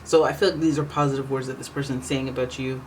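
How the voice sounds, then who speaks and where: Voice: medium pitch, fairly even intonation, quick pace, a little hiss or hum, poor audio. A tarot reader giving a casual reading, talking in a rambling, chatty way that keeps correcting itself.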